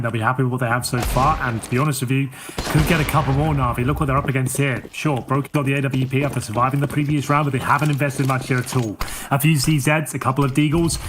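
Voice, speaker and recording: Fast energetic esports caster, man. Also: medium pitch, background noise. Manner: energetic, rising on big plays. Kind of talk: play-by-play commentary.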